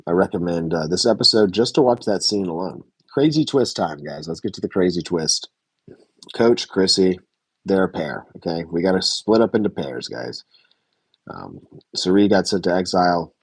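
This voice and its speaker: A man's voice: low voice, lively intonation, moderate pace, no room sound. A man casually reviewing a reality TV episode, rambling, correcting himself, swearing now and then and chuckling. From United States. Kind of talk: casual reaction review chat.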